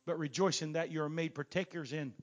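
A middle-aged man preaching a Pentecostal sermon in a church, his volume surging and sinking as he builds to near-shouts. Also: fairly high pitch, fairly even intonation, quick pace. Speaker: pastor. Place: church sanctuary.

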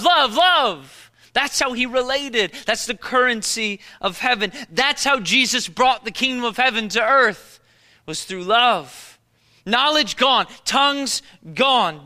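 A man preaching a sermon as a pastor, moving between loud, repeated exhortations and hushed, quiet storytelling. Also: very high-pitched. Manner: repetitive preaching cadence.

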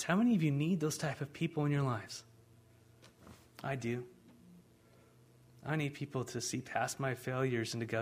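A male pastor preaching a sermon, moving between quiet asides and loud, fervent pleas. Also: medium pitch. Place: church sanctuary.

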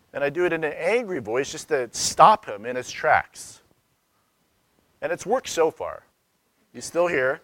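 Male pastor, 30s, conversational sermon with rhetorical questions, slightly high voice, dry close sound. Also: dry recording. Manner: conversational, searching, with rhetorical questions and sudden loud emphasis.

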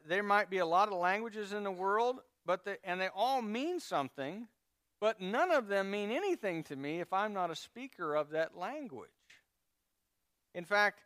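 High, smooth-voiced male preacher. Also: a bit bright, no echo, studio quality. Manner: conversational preaching with asides and audience prompts. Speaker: pastor. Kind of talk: sermon.

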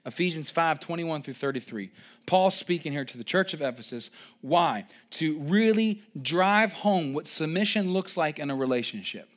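A young adult male pastor preaching a sermon, emphatic and playful, building to loud excited stretches and tossing in joking mock voices. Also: a little high, moderate pace.

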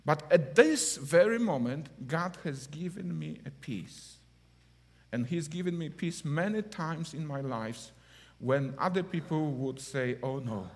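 Man preaching with lively swings. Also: a little high, a little slow. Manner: heartfelt, broken English, swings from hushed to loud. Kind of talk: sermon. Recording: long hall reverb.

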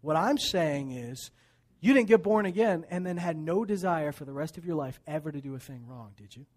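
A male pastor preaching with a notably high voice. He moves between loud, driving emphasis and soft, hushed asides. He tells stories and pushes points home directly to his listeners. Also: expressive, normal speed. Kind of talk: sermon.

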